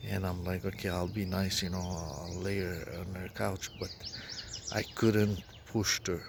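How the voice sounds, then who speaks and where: Halting low-voiced man recounting a dream. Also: level tone, vocal fry, background noise. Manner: halting, many restarts and fillers. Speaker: dream narrator. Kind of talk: rambling personal account.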